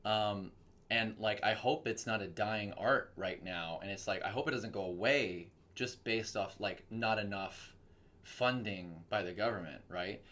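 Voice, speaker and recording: In an easygoing interview, a young Texas voice actor tells animated stories, slipping into the voices of the people he quotes. His delivery is unhurried and his pitch is on the low side.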